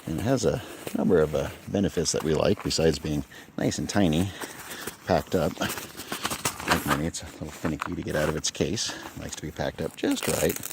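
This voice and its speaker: Recorded on a hand-held phone against a noisy background, a man with an extremely low voice demonstrates camping gear in a small tent at a moderate pace. The outdoor gear reviewer is chatty and folksy, thinking out loud as he goes.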